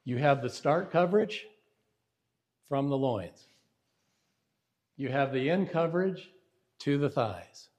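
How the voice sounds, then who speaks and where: Taking it slowly, with long pauses, a preacher with an expressive, slightly mellow medium-pitched voice delivers a Bible lesson on syntax. He preaches emphatically and keeps asking his audience rhetorical questions.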